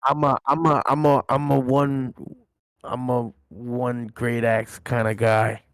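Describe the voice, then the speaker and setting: A man playing a tabletop game in character, speaking in a slow drawl. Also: mid-range voice, flat delivery, clean tone, no room sound, clean studio sound. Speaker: player.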